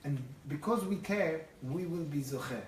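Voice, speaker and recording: A man teaching through stories, animated and prone to restarting phrases, his voice pitched somewhat high. He stands well away from the mic, so the room echoes around him, with a faint hiss underneath. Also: normal speed, distant mic. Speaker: Torah teacher. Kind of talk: lively storytelling lecture.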